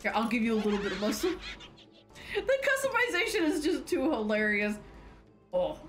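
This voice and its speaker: A woman's voice: high-pitched, very animated, normal speed, pauses often, faint music behind. A young woman streaming a game in casual chat, laughing constantly as she talks. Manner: giggly, laughs constantly while talking. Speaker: gaming streamer. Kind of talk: casual let's-play chat.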